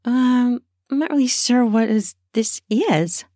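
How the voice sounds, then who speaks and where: A woman's voice: on the high side, slow, warm tone, no echo, clean studio sound, pitched above the performer's own voice. A woman voicing a nervous, curious married woman who hesitates and second-guesses herself, in improvised erotic storytelling. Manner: hesitant, breathy, unsure.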